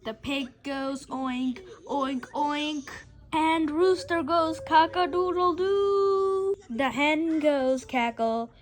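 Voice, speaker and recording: A woman singing a slow children's rhyme about animal sounds, imitating each animal in a deliberate sing-song way. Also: sits high, soft background music. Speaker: nursery rhyme singer.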